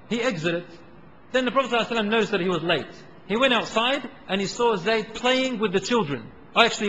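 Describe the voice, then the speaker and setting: A man giving a sermon, telling stories in an animated way and acting out the voices of the people he quotes. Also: high-pitched, big-room sound, slight background noise, poor audio. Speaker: Islamic preacher.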